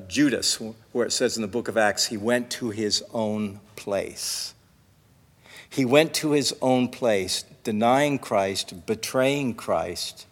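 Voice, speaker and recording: Man preaching, slow deliberate delivery, earnest, rises and falls in volume, reverberant hall. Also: medium pitch, fairly bright tone. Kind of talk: sermon.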